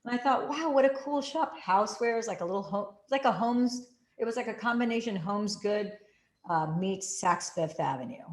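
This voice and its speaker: A woman telling a story in a casual way, acting out the quotes with big jumps in pitch. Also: normal speed. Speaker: group participant sharing a story. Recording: roomy echo.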